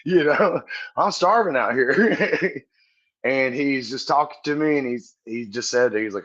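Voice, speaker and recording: A man's voice: medium pitch, expressive, normal speed, fairly bright tone. A man, a comedian guest on a podcast, tells stories casually, sincere one moment and cussing the next, often breaking into laughter. His voice sits in a middle register and sounds a little dull and muffled. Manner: profane, earnest, laughs while telling stories. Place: Texas.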